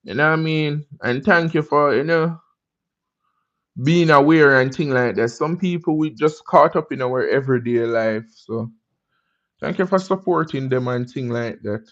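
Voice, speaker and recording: A Jamaican man with a fairly high voice hosts a casual livestream chat, heard through a muffled recording. Laid-back and drawn-out, he responds to viewer comments and welcomes people by name.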